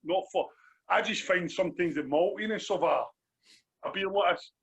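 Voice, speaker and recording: This Glaswegian man has a high-pitched, fairly bright voice with a breathy edge, speaking at a moderate pace. Co-hosting a relaxed beer review podcast, he rambles, repeats phrases and says "do you know what I mean," and the audio is dull and lo-fi.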